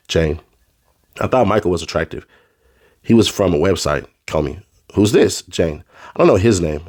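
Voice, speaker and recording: A man reading a courtroom transcript aloud, naming each speaker in a flat, clipped way. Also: low-pitched, dry recording, studio quality. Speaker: trial recap reader.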